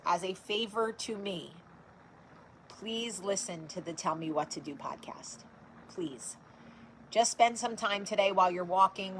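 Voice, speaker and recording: Woman in her forties from New Jersey, host of a live video chat, blunt and foul-mouthed, mid-pitched voice, faint hiss behind her. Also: fairly bright tone, poor audio. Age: 40s. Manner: blunt, profane and chatty; talks straight to viewers and answers their comments. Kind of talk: casual live-stream chat.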